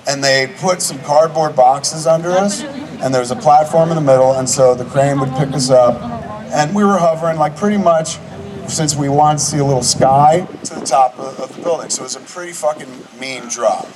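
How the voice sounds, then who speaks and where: Speaking to a screening crowd, this man in his forties, the filmmaker guest at the Q&A, rambles through animated stories laced with profanity. His pitch is fairly high and his pace moderate; the mic sits far off, with audience noise all around.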